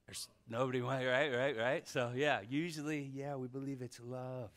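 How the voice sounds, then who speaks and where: A male pastor preaching a sermon to his church, fervent and shifting between shouts and hushed asides. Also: mid-range voice, fairly even intonation, normal speed. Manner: fervent, swings from shouting to near whispers. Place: church sanctuary.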